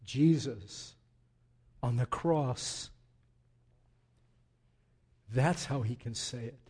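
A male pastor delivering an impassioned sermon, swinging from hushed reflection to loud, pleading emphasis with repeated words. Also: mid-range voice, drawn-out words, slightly rough.

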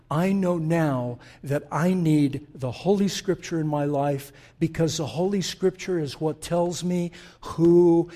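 A pastor from the Middle East preaching a sermon in a church, impassioned and direct with his congregation, dropping to a hush and rising loud again. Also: on the high side. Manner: impassioned, shifts from hushed to loud; direct, talks straight to the congregation.

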